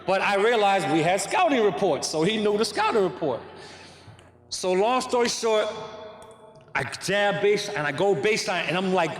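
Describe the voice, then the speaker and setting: A man telling a long personal story to an audience as a guest speaker, animated and acting out the lines he quotes. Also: sits high. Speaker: guest speaker, former pro basketball player. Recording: echoey hall recording.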